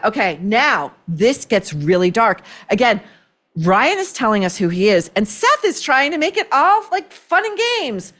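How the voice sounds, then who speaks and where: A woman's voice: on the high side, big pitch swings, measured pace, a bit bright. A woman hosting an opinion commentary show, talking in a sarcastic, indignant, worked-up way. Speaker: podcast host.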